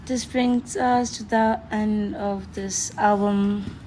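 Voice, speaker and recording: A woman's voice: medium pitch, takes it slowly, a little hiss or hum. A teenage girl, chatting casually and gushing through an unboxing, often giggling. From Pakistan. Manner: gushing, giggly, excitable fan talk. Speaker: vlogger.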